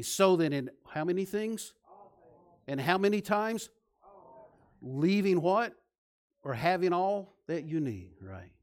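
Emphatic preaching pastor, higher voice. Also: male voice. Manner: preaching with call-and-response questions to the congregation; swings between loud emphatic lines and soft low endings. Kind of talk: sermon. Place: church sanctuary.

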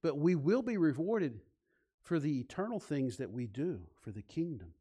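A man preaching a sermon with a voice a touch higher than most men's. He swings from loud emphatic lines to soft, hushed ones and leads the congregation in call-and-response. Now and then he slips in a self-deprecating aside. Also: big pitch swings, normal speed, husky. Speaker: pastor.

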